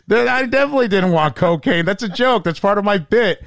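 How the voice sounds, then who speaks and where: Profane, animated male comedian storyteller. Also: sits high, fairly quick, vocal fry, no echo, studio quality. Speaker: stand-up comedian. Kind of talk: casual podcast chat, storytelling.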